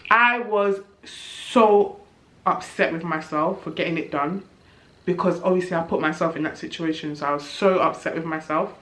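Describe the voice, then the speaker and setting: In an echoey room, a young woman vlogger chats candidly and with exasperation in a review vlog, laughing at herself now and then. Her voice is on the low side and a bit bright, at normal speed.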